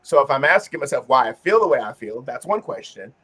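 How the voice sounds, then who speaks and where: A man hosts a casual group discussion, speaking earnestly about self-reflection and growing animated whenever he acts out examples. His voice is husky and medium-pitched, his pace a little fast.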